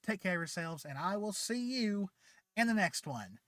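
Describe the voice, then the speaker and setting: A man's voice: sits high, very animated, moderate pace, fairly bright tone, dry recording. A man with a slightly raised voice retells a story in a loose, rambling way, full of ums and restarts. He sounds tired, and the sound is dry and close. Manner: chatty, rambling, frequent fillers and restarts. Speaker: channel host. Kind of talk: casual spoken retelling of a fan story.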